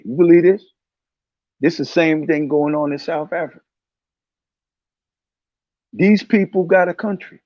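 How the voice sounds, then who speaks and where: A man's voice: a little high, a little slow, pauses often. A man with a somewhat raised voice rails through casual religious commentary, circling back to the same points with preachy heat. The recording is dull and lo-fi, with a dry, close sound and no room echo. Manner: heated, preachy, repeats himself.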